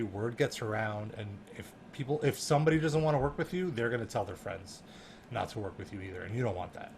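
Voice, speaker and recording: A man guesting on a podcast, telling an animated story with laughter and lots of "like" fillers. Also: medium pitch, slight background noise. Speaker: guest, music journalist.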